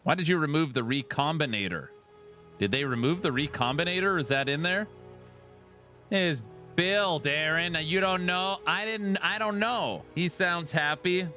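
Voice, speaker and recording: Man, casual streamer, bright tone, wry reading of comments, faint background music. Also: on the high side, a little slow. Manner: reads comments in a wry, amused tone. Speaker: streamer reacting to game patch notes.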